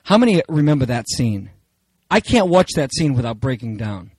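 A man preaching a sermon with passion, swinging between raised, shouted lines and hushed asides. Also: mid-range voice, sing-song, moderate pace, husky, dry recording, poor audio. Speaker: pastor.

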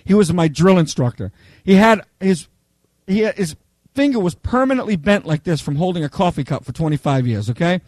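Lively, animated male preacher. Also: high voice, a little fast, dry recording. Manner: animated storyteller, chatty, checks in with "okay?". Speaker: pastor teaching a Bible study. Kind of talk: sermon with humorous personal stories.

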